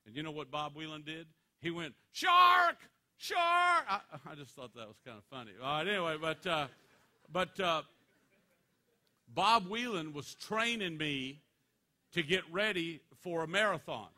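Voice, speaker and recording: A man addresses a room of students as a motivational speaker, spinning animated, joking stories. His voice sits a little high and comes across bright and forceful. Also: normal speed.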